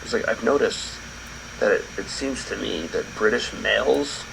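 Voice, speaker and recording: Male podcast co-host, gravelly and a bit low, laid-back rambler; hum of air conditioning in the room. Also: normal speed. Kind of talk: casual chat.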